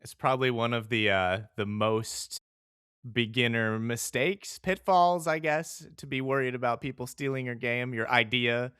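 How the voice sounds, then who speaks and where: Male co-host, bright and crisp voice, joking, animated delivery. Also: mid-range voice, moderate pace, no echo, studio quality. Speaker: podcast co-host. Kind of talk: casual chat.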